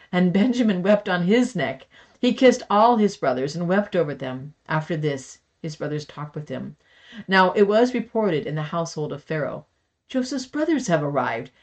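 A Bible study teacher reading scripture aloud with expressive, dramatic emphasis on quoted speech, sometimes breaking off into casual asides. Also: mid-range voice.

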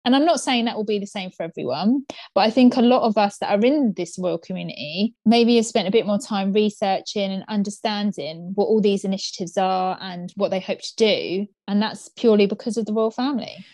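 A woman's voice: mid-range voice, brisk, few pauses, a little mellow, no echo. Earnest, conversational woman. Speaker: podcast co-host. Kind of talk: casual podcast chat.

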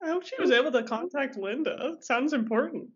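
A woman's voice: high-pitched, lively intonation, a little fast, slightly rough. A young woman co-hosting a podcast, bubbly and giggly in casual chat. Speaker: podcast co-host. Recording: dull lo-fi podcast mic.

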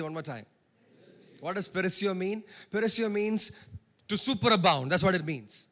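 A man's voice: sits high, unhurried, fairly bright tone. A man preaching a sermon, calling for congregation responses and drawing out key words.

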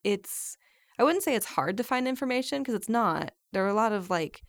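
A woman's voice: on the high side, lively intonation, fairly quick, no room sound, studio quality. A young woman co-hosting a casual podcast, talking in a rambling way with stumbling restarts. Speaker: podcast co-host. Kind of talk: casual chat.

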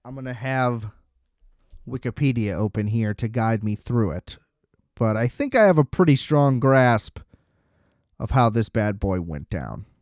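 A young man casually recapping a horror film, animated and sarcastic, swearing and laughing as he goes. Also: mid-range voice, a little slow, dry recording, clean studio sound. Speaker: movie reviewer.

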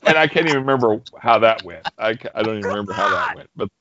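A young man casually telling a story, animated and laughing often. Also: on the low side, racing, muffled recording, a crowd in the background. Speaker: guest storyteller. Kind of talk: casual anecdote.

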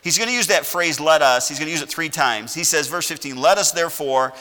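A man's voice: fairly high pitch, brisk, bright, forceful tone, in a large hall. A middle-aged man preaching a sermon as pastor, folksy, often checking in with "all righty?". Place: church sanctuary.

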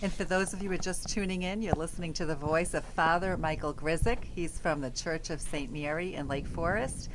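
A woman's voice: fairly low pitch, brisk, few pauses, noisy background. A woman hosting a live radio show, chatty and enthusiastic as she talks with a guest. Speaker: radio host.

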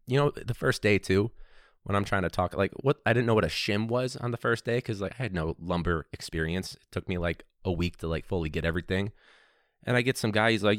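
Podcast host, male, lively swooping delivery, casual rambling storyteller, sudden incredulous outbursts. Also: lowish voice, quick pace, no echo, studio quality. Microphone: podcast microphone.

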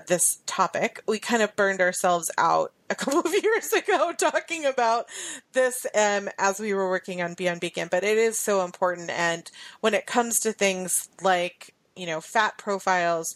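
A woman co-hosting a podcast in casual chat, chatty and quick to laugh. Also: medium pitch, lively intonation, fairly bright tone, no echo. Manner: chatty, laughs often, trails off. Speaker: podcast co-host.

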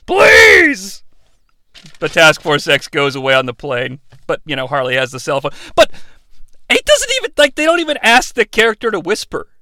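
A sarcastic, profane man hosts a casual movie-recap podcast. His voice sits high and swings widely, with a bright, clear tone. It is recorded dry and close. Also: very animated, a little fast, no echo. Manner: sarcastic, profane, acts out characters. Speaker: podcast host.

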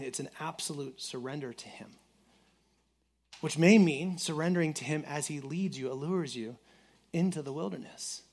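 A man preaching a conversational sermon, earnest and searching for words, often repeating himself and saying "like". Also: mid-range voice. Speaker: pastor.

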